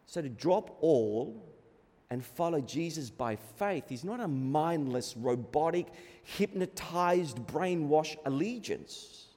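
A man with a high voice delivers a sermon in a large hall, and a long reverb trails behind every phrase. He presses hard on his key words, moves between loud and hushed passages, and acts out each line he quotes. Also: animated, slow. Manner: emphatic, swings between loud and soft. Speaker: pastor.

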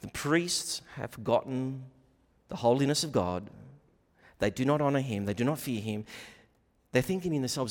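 A man preaching a sermon, animated and swinging between loud emphasis and hushed asides, acting out quoted voices. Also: medium pitch, normal speed. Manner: animated, acts out quoted voices, rising and falling loudness. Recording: long reverb of a large hall.

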